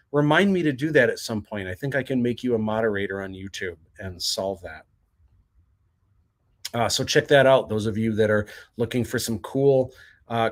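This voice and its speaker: Guy doing a chill livestream, reads out comments and chats back, middle pitch voice. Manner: reads viewer comments aloud and answers chattily. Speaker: livestream host. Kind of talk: casual livestream chat.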